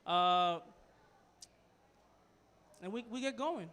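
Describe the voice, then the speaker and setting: High-voiced young man telling a stand-up story. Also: lively intonation, drawn-out words. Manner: storytelling, swings between muttered asides and loud punchlines. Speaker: stand-up comedian. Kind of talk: stand-up set. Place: small comedy club with a live audience.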